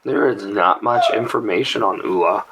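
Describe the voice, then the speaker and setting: A man's voice: on the low side, normal speed, noisy background. A man playing in a tabletop group, chatting casually and often stammering as he starts to talk. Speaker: player.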